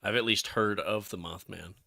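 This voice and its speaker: A man's voice: on the low side, steady tone, normal speed, vocal fry, sharp tone, no echo, clean studio sound. A man co-hosting a casual live-streamed podcast, easygoing and laughing often, trailing off mid-sentence. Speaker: podcast co-host.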